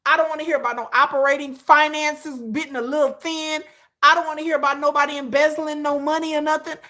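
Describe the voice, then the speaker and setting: Bright, animated woman chatting on a livestream. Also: sits high, fast. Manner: animated, repetitive, talks straight to viewers. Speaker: livestream host. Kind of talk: casual livestream chat.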